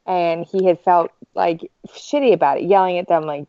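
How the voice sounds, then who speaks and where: A woman's voice: on the low side, fairly even intonation, moderate pace, warm tone, no echo. A woman co-host tells a story in candid, conversational chat. The recording is a bit dull and dry, with no room sound. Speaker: podcast co-host. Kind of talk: casual chat among friends.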